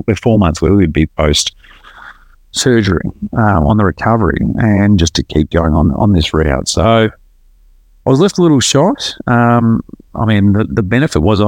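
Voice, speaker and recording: Man, low-pitched, dry close sound, earnest storytelling, frequent restarts. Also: darkish tone, no room sound. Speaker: podcast guest. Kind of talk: casual storytelling.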